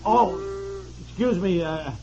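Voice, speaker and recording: An actor playing a teasing, wry husband on a family trip, in a 1950s radio comedy. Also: male voice, high-pitched, slow, gravelly, mellow, exaggerated voice. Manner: teasing, wry, prone to chuckling. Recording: dull old radio recording with faint hiss.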